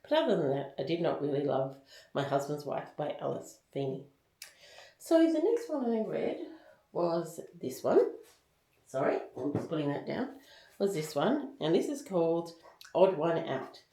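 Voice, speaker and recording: A woman with a low voice chats through a casual book review, candid and full of ums and likes. Her voice is recorded in a roomy, echoing space. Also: very animated, normal speed, mellow.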